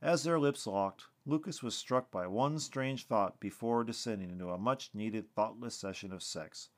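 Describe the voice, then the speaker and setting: Male host reading a novel chapter aloud; low, measured, plain. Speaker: podcast host and storyteller.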